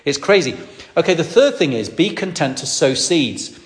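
A man's voice: on the high side, sing-song, moderate pace. A man from northwest England, an evangelist teaching in a rambling storytelling way with many restarts. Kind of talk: sermon teaching. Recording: echoey hall.

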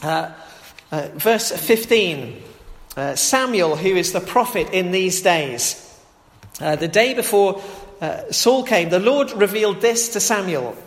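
A man with a high voice preaches a sermon in an easygoing, conversational way, dotted with "uh" and "you know" and frequent restarts. The sound carries a long, roomy echo, as if from a church hall. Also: animated, slow. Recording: echoey hall.

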